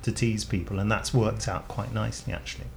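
A man's voice: fairly low pitch, steady tone, brisk, vocal fry, slight background noise. A man hosting a podcast, chatting casually and laughing at himself while he has a cold. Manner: chatty, self-mocking, laughs often. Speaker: podcast host. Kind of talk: casual chat. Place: home recording, trains audible outside.

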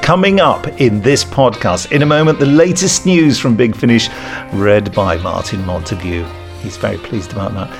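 A man hosting a podcast, running through the lineup and teasing his co-host in a brisk way. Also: lowish voice, music in the background.

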